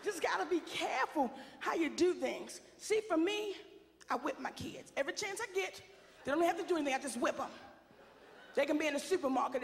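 A woman performing a stand-up comedy set, bold and sassy, shouting out her punchlines. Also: sits high, expressive, fairly quick, creaky, big-room sound, a little hiss or hum.

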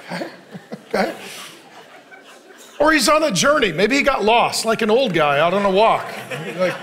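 Animated high-voiced male pastor preaching. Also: moderate pace, long pauses. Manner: joking, sarcastic asides. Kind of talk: sermon.

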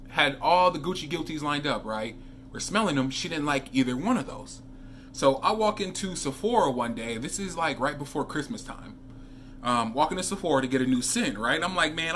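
A man with a slightly high voice, carrying a faint hiss or hum, chats casually in a vlog while reviewing fragrances. He tells stories in an animated way and drops asides to his viewers.

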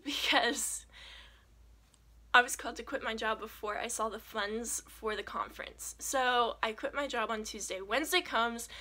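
Bright-voiced young woman sharing testimony. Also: on the high side. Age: young adult. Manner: earnest, animated storytelling with frequent "like". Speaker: faith vlogger. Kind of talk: personal testimony.

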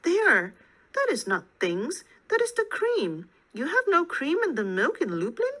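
A woman voicing a brisk, practical young farm woman who talks in a matter-of-fact way, in an audiobook reading. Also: high-pitched, wildly swooping pitch, a bit bright, pitched above the performer's own voice, heavily acted.

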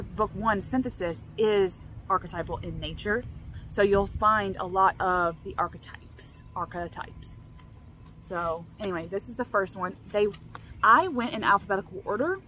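A woman's voice: medium pitch, fairly bright tone. A woman vlogging in a casual, earnest, rambling way, restarting her sentences, with faint noise behind her. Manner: rambling and earnest, restarts often, laughs between thoughts. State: emotional, choked up. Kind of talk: casual vlog talk.

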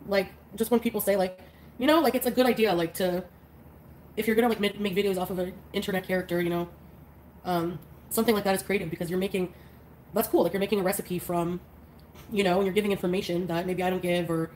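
A congested, drowsy woman chats on a livestream in a voice of middling pitch. She rambles along, packing in fillers and little laughs. A faint hiss of noise runs underneath. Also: fairly even intonation, quick pace, darkish tone, poor audio. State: congested and drowsy from flu medicine. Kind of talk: casual livestream chat. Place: bedroom.

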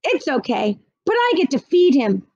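A woman puts on a sarcastic, complaining boy for a storybook reading, pitched high with a whiny edge. The sound is dry and slightly dull. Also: sing-song, moderate pace, a little mellow, dry recording.

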